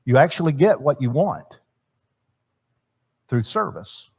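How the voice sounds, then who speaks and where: A man teaching a church marriage seminar in a sermon style, swinging between loud emphasis and quiet asides and asking his audience questions. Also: medium pitch, sing-song, slow, vocal fry, pauses often, slightly rough. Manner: chatty, asks the audience questions. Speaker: seminar speaker. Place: church hall.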